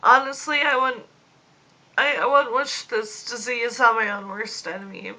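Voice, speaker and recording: Grieving woman in her late 20s, phone video diary, slow halting talk, bright clear voice, trying not to cry. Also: a little high, steady tone, rough recording. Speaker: vlogger. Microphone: phone camera.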